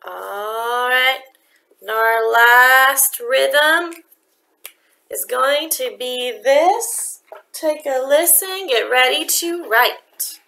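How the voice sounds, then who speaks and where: A woman's voice: high-pitched, extremely slow, vocal fry, bright, forceful tone. A woman music teacher giving a remote rhythm lesson to children, patient and sing-song as she demonstrates long and short beats.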